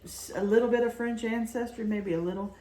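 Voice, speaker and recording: A woman's voice: a little high, fairly even intonation, warm tone. Chatty woman in her fifties, echoey room. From Fredericksburg, Virginia. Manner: chatty, chiming in with quick remarks. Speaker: vlog co-host. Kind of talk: casual chat.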